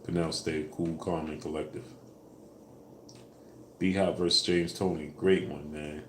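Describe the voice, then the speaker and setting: A man hosting a casual live stream, answering viewers in a relaxed way with fillers, louder when asking for likes. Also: very deep voice, measured pace, a little hiss or hum. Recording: echoey room with faint ambience.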